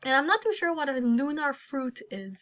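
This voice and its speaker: A woman's voice: high-pitched, sing-song, moderate pace, a bit bright. A young woman chatting and giggling through a story game playthrough as a gaming host. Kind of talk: casual game playthrough commentary. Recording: lo-fi recording.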